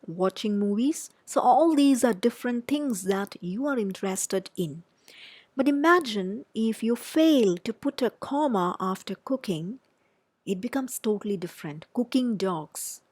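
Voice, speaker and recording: A woman's voice: medium pitch, darkish tone, no room sound. Patient woman with an Indian English accent. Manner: patient, explanatory, reads example sentences aloud with emphasis. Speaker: lecturer. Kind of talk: explaining examples in a recorded lecture.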